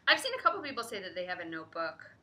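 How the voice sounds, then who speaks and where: Young woman co-host, upbeat chatty delivery, very bright voice. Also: lowish voice, very animated, rapid-fire. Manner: upbeat, chatty, laughing along. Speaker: publisher livestream co-host. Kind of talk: casual chat.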